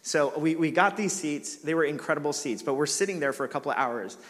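A man's voice: fairly high pitch, brisk, a bit bright, long reverb tail. A man preaching a sermon as pastor, telling a funny personal story about himself with lots of casual fillers. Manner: storytelling with self-mocking humor and laughs.

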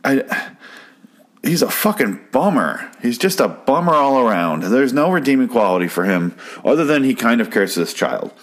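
A man's voice: mid-range voice, sing-song, normal speed. A man casually recapping an old TV episode on a podcast, with wry, profane asides and frequent restarts. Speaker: podcast host reviewing an episode.

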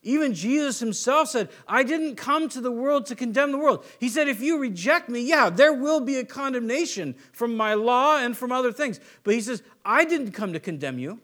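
High-voiced animated male preacher. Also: moderate pace, few pauses. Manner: animated, acts out voices of biblical figures; swings between soft and emphatic. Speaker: pastor. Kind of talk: sermon.

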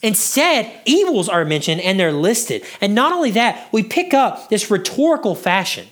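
A man preaching a teaching sermon with a very lively, swinging pitch. He walks the congregation through the text, stops often to ask whether they follow, and sometimes sinks to a near-hush for emphasis. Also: normal speed. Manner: teaching, asks the congregation questions; drops to a hushed voice to draw listeners in. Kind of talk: expository sermon.

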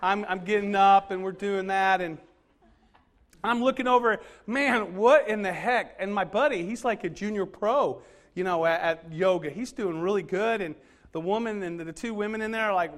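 A man's voice: sits high, normal speed, fairly bright tone. A middle-aged man preaching, telling a self-deprecating story in a casual, conversational way with lots of fillers. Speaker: pastor. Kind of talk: humorous sermon story.

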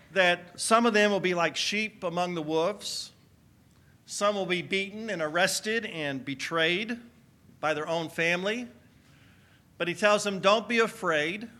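Man, pastor, sermon, high bright voice, lively call-and-response with the congregation. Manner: energetic, calls on the congregation to shout answers. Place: church sanctuary.

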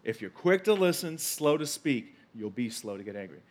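A man's voice: mid-range voice, big pitch swings, moderate pace. A male pastor preaching a conversational sermon, emphatic and repetitive, with asides and quotes from scripture.

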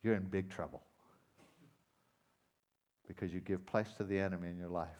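Male pastor, low voice, preaching with dramatic loud-to-quiet swings. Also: fairly even intonation, normal speed. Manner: dramatic storytelling, loud rising emphasis then quiet intensity. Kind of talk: sermon.

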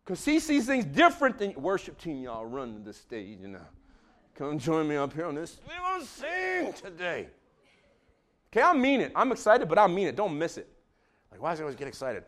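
A man preaching a sermon as pastor in a church, swinging from hushed tones to shouting. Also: on the high side, huge pitch swings, normal speed. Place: church sanctuary.

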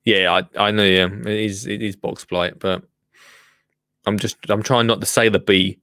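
A man's voice: lowish voice, fairly even intonation, normal speed, fairly bright tone, dry recording, studio quality. A man chatting casually as he reacts to a gardening clip, jokey and rambling with many asides. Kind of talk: casual chat commentary.

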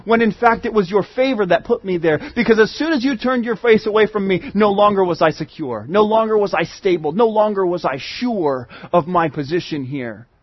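A man preaching a sermon in an earnest way, moving between loud pleading and hushed asides. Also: high voice, brisk, few pauses, no echo, dull audio.

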